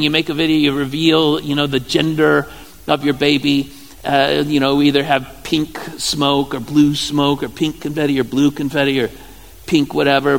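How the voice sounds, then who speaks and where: A man, a pastor giving a sermon in a playful, joking storytelling way with sudden loud exclamations. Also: a little high, vocal fry. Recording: church hall reverb.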